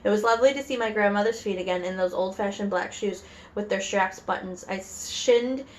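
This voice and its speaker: A woman reading a children's book aloud with animated storytelling and occasional slips. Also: medium pitch, a little fast. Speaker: reader.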